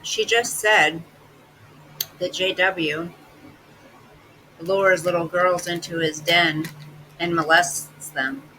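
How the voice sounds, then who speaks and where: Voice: medium pitch, fairly even intonation, slow, long pauses, pushed and bright, slight background noise, low-quality recording. A host giving scornful, sarcastic reaction commentary between clips.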